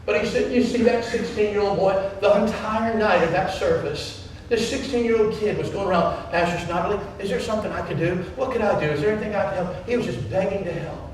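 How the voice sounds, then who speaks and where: A man's voice: high voice, brisk, hardly any pauses, a little hiss or hum. A man from Wyoming preaching a sermon as a pastor, telling a story with passion and acting out other people's words. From Wyoming, United States. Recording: echoey hall from far off.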